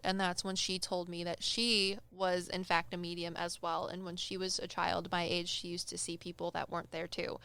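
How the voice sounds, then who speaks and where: A young woman casually telling a personal story on a podcast, animated and acting out the people she quotes. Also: lowish voice, moderate pace, clean tone. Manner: animated, acts out quoted voices, laughs often. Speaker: medium telling stories on a podcast.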